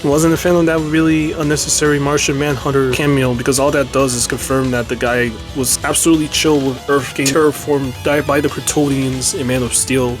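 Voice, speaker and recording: A man's voice: mid-range voice, flat delivery, fairly quick, hardly any pauses, music in the background. A man giving a casual, ranting film review, blunt and sarcastic, swearing freely. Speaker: movie reviewer.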